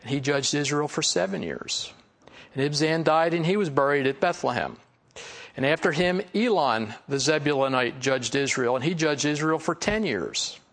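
A man with a Philadelphia accent teaching through a Bible passage in a relaxed, conversational way, with asides and fillers. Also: fairly high pitch, normal speed. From Philadelphia area. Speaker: pastor.

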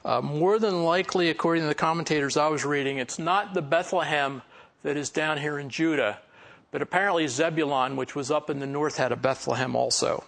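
A man with a Philadelphia accent teaching through a Bible passage in a relaxed, conversational way, with asides and fillers. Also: on the high side, vocal fry. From Philadelphia area. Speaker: pastor.

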